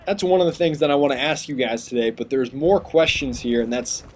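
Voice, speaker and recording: A man giving chatty, rambling gameplay commentary, getting sidetracked and excitable over his kills. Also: mid-range voice, fairly quick. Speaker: gaming commentator.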